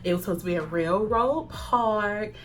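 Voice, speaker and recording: A young woman chatting casually to camera, animated, acting out quoted lines and laughing often. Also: medium pitch, normal speed, background noise. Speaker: vlogger. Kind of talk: casual storytime chat.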